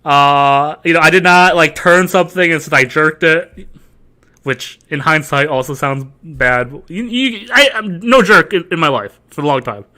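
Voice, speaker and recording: A man's voice: fairly high pitch, normal speed, bright, forceful tone. A man streaming a game live, joking, laughing and bantering with his chat.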